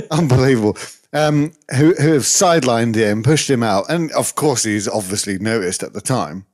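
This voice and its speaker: A man's voice: medium pitch, animated, measured pace, a little mellow. A man co-hosting a podcast, ranting indignantly in casual chat and mocking others with sarcastic put-on quotes. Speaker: podcast co-host.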